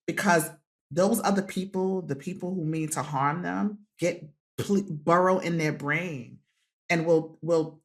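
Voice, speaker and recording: A woman who is a podcast guest, telling a heartfelt story in an animated way, acting out quotes and laughing often. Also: lowish voice, unhurried.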